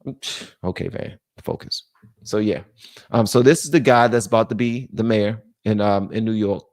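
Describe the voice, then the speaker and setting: Gravelly man ranting on a livestream. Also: normal speed, no echo, studio quality. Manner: animated, switches between loud rants and low muttering. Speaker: livestream host. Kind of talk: casual political commentary livestream.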